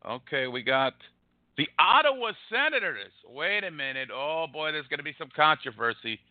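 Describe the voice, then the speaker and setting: A man hosts a live card break, rattling off player names and cracking jokes between packs. His pitch sits a bit high and swings widely as he gets excited. The sound is dry and tinny, like a phone line. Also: normal speed, no echo. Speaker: host opening card packs. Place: room across from an arena.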